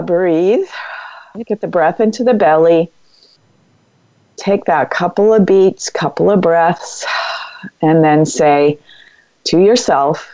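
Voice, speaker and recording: A middle-aged woman speaking as a guest in an interview, giving advice in a calm, measured coaching way. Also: mid-range voice, dull audio. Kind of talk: interview conversation.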